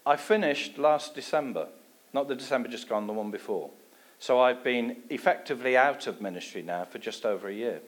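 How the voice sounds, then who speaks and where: An English guest preacher briskly delivers a sermon built around his personal testimony. He tells his story with liveliness, dropping his voice low for asides.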